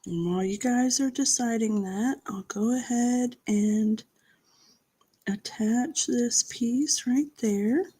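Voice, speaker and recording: Woman craft-stream host, a bit high-voiced, unhurried, chatty, reads out comments and laughs easily. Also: warm tone, slightly rough. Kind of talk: casual live-stream crafting chat.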